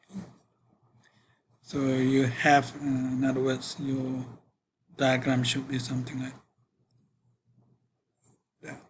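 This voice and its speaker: A man giving a university physics lecture, working through equations in a halting way with many fillers and self-corrections. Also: mid-range voice, monotone, a little hiss or hum, low-quality recording.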